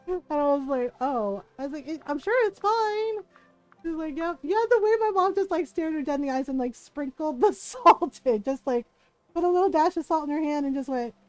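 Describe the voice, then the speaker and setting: High-pitched woman streamer, easygoing storyteller who chats while she plays. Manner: chatty anecdotal storytelling, acts out family quotes. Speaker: game streamer. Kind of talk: casual live-stream chat while playing.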